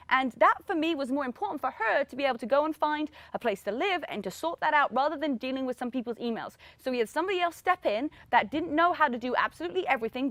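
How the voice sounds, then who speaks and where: Upbeat woman with a bright voice. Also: high-pitched, no echo. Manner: energetic, repeats "right?" and "um", laughs often. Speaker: podcast host. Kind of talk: motivational solo podcast talk.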